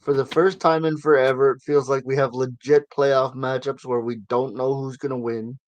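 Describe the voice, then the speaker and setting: A man's voice: medium pitch, flat delivery, moderate pace. A man hosting a sports talk show in a loose, chatty way, with a mid-range voice. He tosses in sarcastic asides as he wraps things up. The sound is dry and close, with no room echo. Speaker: sports podcast host. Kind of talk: casual sports chat.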